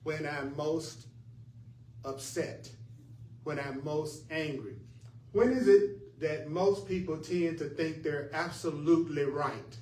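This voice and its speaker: A man's voice: fairly high pitch, takes it slowly, a little mellow. Earnest man teaching, echoey and distant. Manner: earnest, emphatic, repetitive. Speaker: spiritual teacher. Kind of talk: teaching a class. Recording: echoey room from far off, faint ambience.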